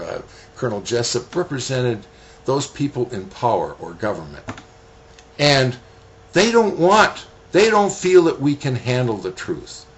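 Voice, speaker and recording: Lively middle-aged man telling stories. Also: medium pitch. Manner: folksy storyteller, chuckles at himself. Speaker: author. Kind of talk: video message to viewers.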